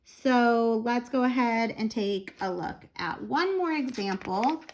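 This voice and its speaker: A woman, tired and a little out of breath, slowly explaining a math lesson step by step with fillers. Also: on the high side, noisy background. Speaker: math teacher.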